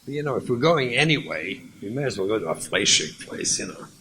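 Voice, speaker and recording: A man's voice: mid-range voice, sing-song, sharp tone, a little hiss or hum, voice pushed down, rough recording. A man voicing a husband who grudgingly goes along with his wife and bristles when she gets upset. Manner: grudging, defensive, quick to bristle.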